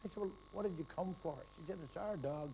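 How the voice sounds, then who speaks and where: A middle-aged man performs stand-up on a live stage, his slightly high, creaky voice captured in a very noisy recording. He fires off crude jokes one after another, rapid-fire, laughing at his own gags.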